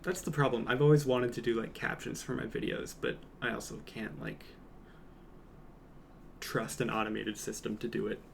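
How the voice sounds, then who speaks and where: A man's voice: medium pitch, flat delivery, moderate pace, gravelly, slight background noise. A young man, a streamer, chatting casually and reading comments aloud with a joking, rambling manner that trails off into mumbles.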